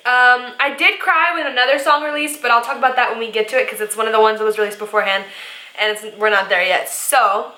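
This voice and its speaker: A young woman vlogger reacting to music, gushing and rambling excitedly with lots of fillers. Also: a little high, a little fast. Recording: echoey room.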